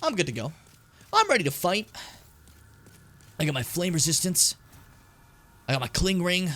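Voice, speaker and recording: A man giving casual, animated commentary while playing a video game, swearing and yelping when things get tense. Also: sits high, normal speed. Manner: animated, swearing, yelps and pleads when in danger.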